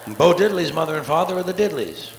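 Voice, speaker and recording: A man doing a live stand-up routine, profane and sardonic, with rapid-fire wordplay, on a theater stage before an audience. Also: fairly high pitch, animated, gravelly. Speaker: stand-up comedian. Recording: echoey live soundboard tape with faint hiss.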